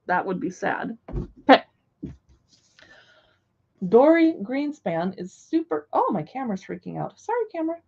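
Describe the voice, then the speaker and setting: A woman's voice: on the high side, very animated, moderate pace, gravelly, pauses often, a little mellow. Chatty woman on a lo-fi stream. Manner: chatty, reads recipe titles aloud, greets viewers. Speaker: live stream host reviewing cookbooks. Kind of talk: casual live stream chat.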